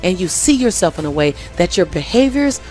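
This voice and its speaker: A woman in relaxed conversation as an interview guest, her voice sitting on the low side. She talks earnestly and circles back to repeat her main points, with faint music underneath. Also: fairly quick. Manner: earnest, repeats key phrases. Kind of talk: casual conversation.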